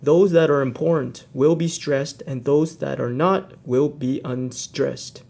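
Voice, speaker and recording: A male narrator introduces the sections of an English course. His voice is gravelly, and he speaks slowly and with measured care. His delivery is plain and instructional. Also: mid-range voice, fairly even intonation, a little mellow. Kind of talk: scripted lesson narration.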